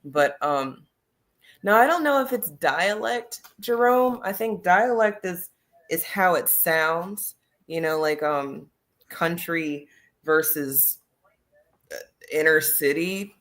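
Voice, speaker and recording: A woman's voice: on the low side, takes it slowly, a bit bright. A woman who hosts and teaches, talking emphatically in a casual livestream discussion and speaking straight to her viewers. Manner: emphatic, addresses viewers directly. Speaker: host and teacher.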